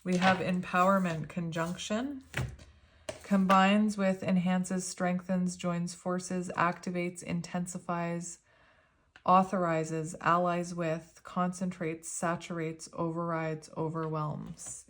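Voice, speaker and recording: A woman's voice: lowish voice, little pitch movement, slow. A woman giving a casual spiritual tarot reading, talking in an earnest, rambling way with lots of "like" and "you know". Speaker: tarot reader.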